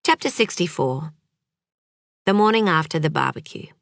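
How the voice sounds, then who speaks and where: A woman reading an audiobook in a measured, unhurried way. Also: deep voice, animated, vocal fry, no echo, clean studio sound. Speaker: audiobook narrator. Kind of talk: scripted audiobook narration.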